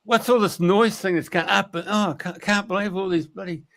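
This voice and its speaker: A man's voice: high-pitched, steady tone, moderate pace, creaky, a bit bright, voice pushed up. A man voicing a small, curious, mischievous male sprite with wide-eyed, matey questions.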